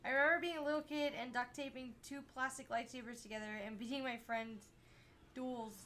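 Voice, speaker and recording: Young female co-host, high voice, easygoing and filler-heavy, reads chat aloud. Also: steady tone, brisk, sharp tone. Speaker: livestream co-host reading chat. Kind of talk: casual chat.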